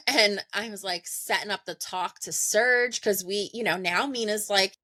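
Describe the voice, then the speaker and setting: A woman in her thirties tells a personal story in a relaxed, chatty way. She laughs often and slips into the voices of the people in it. The sound is close and dry, with no room echo. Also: medium pitch, measured pace. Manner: laughs often, acts out conversations. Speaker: podcast guest. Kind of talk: casual storytelling.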